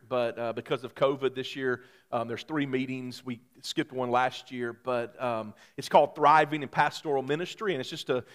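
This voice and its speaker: A man preaching as a pastor, praying and telling a self-mocking family story in an animated way. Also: medium pitch. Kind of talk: sermon. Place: church sanctuary.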